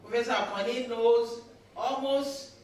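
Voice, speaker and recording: Nigerian woman speaking slowly in an echoey hall. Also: fairly high pitch, a little mellow. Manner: measured, halting, with many pauses and fillers. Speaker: department colleague giving a tribute. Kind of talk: formal tribute speech. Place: large echoey lecture hall. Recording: echoey hall, distant mic, faint noise.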